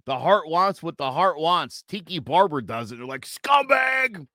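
An animated man, co-hosting a casual sports podcast and cracking jokes. His pitch swings widely from low to high as he talks. The sound is dry and close, with no room around it. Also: moderate pace, no echo. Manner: animated, jokey. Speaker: podcast co-host.

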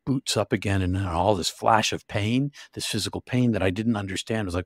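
Older guy, lowish voice, dry close mic, telling a story with lots of restarts. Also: no echo. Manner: vivid, halting retelling with restarts. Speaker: interview guest. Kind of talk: emotional storytelling.

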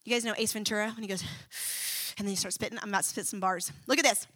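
A woman preacher delivering a sermon to students, expressive and emphatic, reading scripture dramatically. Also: mid-range voice, fast talker, dry recording.

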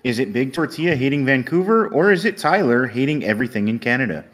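A man co-hosting a sports podcast, explaining things in a measured way. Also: mid-range voice, expressive, fairly bright tone. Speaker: podcast co-host. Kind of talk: casual chat.

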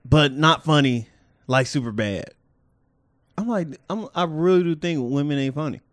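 A man's voice: a little high, moderate pace, dry recording, clean studio sound. A man co-hosting a casual podcast, blunt and laid-back, trailing off into fillers. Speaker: podcast co-host. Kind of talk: casual chat.

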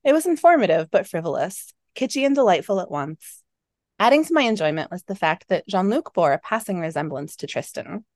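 Woman author, novel reading, expressive, animated pitch, dry close sound. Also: a little fast, no echo. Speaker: author and guest. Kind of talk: reading her novel aloud.

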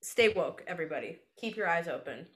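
A woman guest on a podcast, chatting casually in a rambling, self-mocking way with many pauses. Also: on the low side, animated. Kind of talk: casual chat.

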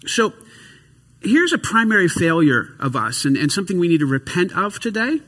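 A tired man preaching a sermon to a congregation in a church, swinging between loud emphasis and quiet asides. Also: sits high, big pitch swings, normal speed, big-room sound. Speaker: pastor.

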